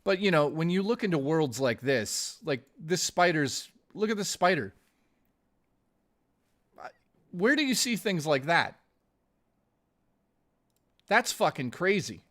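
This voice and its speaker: A man's voice: mid-range voice, fairly bright tone. A man streaming live, chatting casually and ramblingly with viewers, swearing often and calling them dude and guys. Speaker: gaming streamer.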